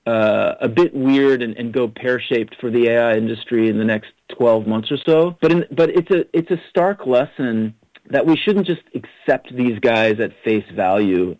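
A man giving animated, critical answers as an interview guest, often restarting his sentences. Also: mid-range voice, no echo. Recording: dull lo-fi radio audio.

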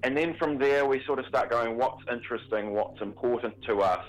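A man talking as a theatre performer on a radio interview, chatty and animated with plenty of fillers. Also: medium pitch, a little fast, low-quality recording. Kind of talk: interview guest.

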